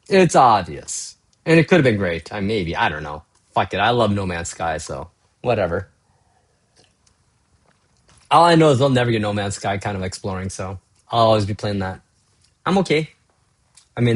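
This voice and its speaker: A husky-voiced middle-aged man ranting on his own show. He rambles from gripe to gripe, cursing freely, and his pitch jumps around a lot as he talks. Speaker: vlogger. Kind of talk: casual solo rant.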